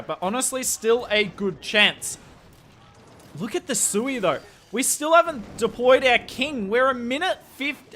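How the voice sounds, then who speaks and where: Bright, excitable Australian male streamer. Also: very high voice, slight background noise. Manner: excitable play-by-play, chatty asides to chat. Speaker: live-stream game commentator. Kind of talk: live game commentary.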